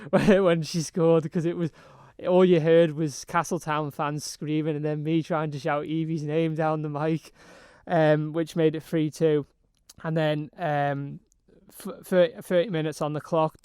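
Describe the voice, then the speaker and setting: Man, Manx accent, slightly hoarse, excitable, crisp tone, fairly high voice. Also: no room sound, studio quality. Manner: excitable, many fillers and restarts. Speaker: hockey reporter. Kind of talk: sports results chat.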